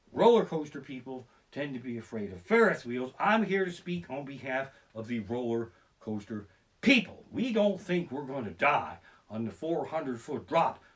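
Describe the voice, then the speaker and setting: A man's voice: medium pitch, a bit bright. A man doing profane, self-deprecating stand-up comedy, livestreamed from his living room on a barebones home setup. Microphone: barebones home streaming setup.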